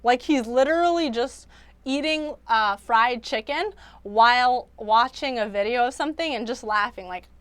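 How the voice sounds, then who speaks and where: A woman's voice: a little high, moderate pace, a bit bright, smooth, no echo. A young woman hosting a livestream, chatting casually and rambling with lots of "like" and restarts. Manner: rambling, filler-heavy, many restarts. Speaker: livestream host.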